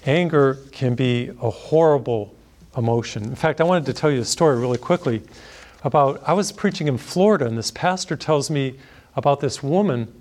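A man's voice: medium pitch, normal speed, a little mellow. Man preaching a chatty story sermon. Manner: conversational, chuckling storyteller. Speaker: priest.

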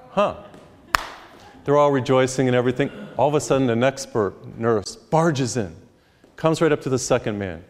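A man preaching a sermon as a priest, telling humorous stories and acting out characters with pitch jumps. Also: darkish tone. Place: church retreat, live. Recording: long reverb of a live hall.

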